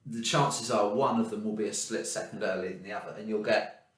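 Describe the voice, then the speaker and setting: Piano teacher in a very echoey room. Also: male voice, lowish voice, fairly even intonation, a little fast. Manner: encouraging, demonstrative, sings rhythms as "da". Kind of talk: recorded practice feedback. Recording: very echoey room, mic far off. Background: piano playing.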